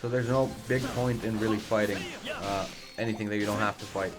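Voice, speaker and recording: A man's voice: on the low side, fairly even intonation, fairly quick, over music. A man doing casual let's play commentary, rambling in a laid-back way and swearing freely.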